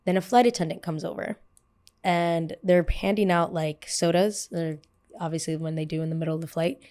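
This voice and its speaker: A woman hosting a podcast and telling a story in a casual, chatty way. Her voice sits a little low. She talks fast and keeps the story moving with lots of "like" and quick asides. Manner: animated, fast, full of "like". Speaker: podcast host.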